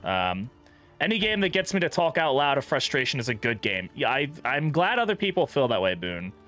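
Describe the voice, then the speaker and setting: A young man talks through his gameplay in a loose, chatty way, cursing and laughing as he goes. His voice is bright and forward, sitting in an ordinary register. Faint game music plays behind him. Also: medium pitch, big pitch swings, brisk. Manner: chatty, profane, laughs often. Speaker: gaming streamer. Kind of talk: casual let's-play commentary.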